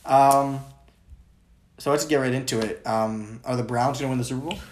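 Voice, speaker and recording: A man's voice: medium pitch, steady tone, moderate pace, a little mellow, a little hiss or hum. A young man from Maryland co-hosting a casual sports chat, rambling with lots of filler words. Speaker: podcast co-host. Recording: roomy echo.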